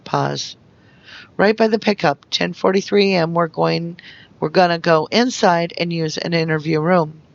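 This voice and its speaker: A gravelly, creaky voice reads police transcripts aloud, calling out speaker names and pauses in an even, flat way. The recording is dry and a little dull, like a lo-fi home mic. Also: medium pitch, dry recording. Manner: reads out speaker labels and stage notes flatly. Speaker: reader of investigation reports.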